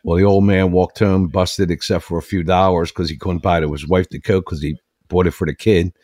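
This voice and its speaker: A man's voice: deep voice, little pitch movement, fairly quick, a little mellow, dry recording. A man hosting a talk show, telling a long sentimental story in an earnest, rambling way. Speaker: radio show host.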